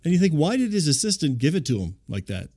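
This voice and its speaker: A man hosting a comedy radio show, talking in a calm, deadpan, placating way. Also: on the high side, fast, breathy edge. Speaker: radio host.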